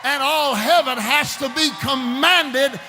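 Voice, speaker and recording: Fervent shouting preacher in a big hall. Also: male voice, very high voice, takes it slowly, faint music behind. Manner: fervent, bursts into shouts, talks straight to the crowd. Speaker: preacher and worship musician. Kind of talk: live sermon. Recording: long reverb in a big hall, faint ambience.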